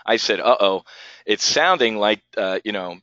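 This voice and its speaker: A man hosting a live market show rants with heat and stumbles over his words. His voice is forceful and bright. The audio is dry and somewhat dull. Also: lowish voice, animated, normal speed, dry recording. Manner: heated, ranting and repeating himself. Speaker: trading show host.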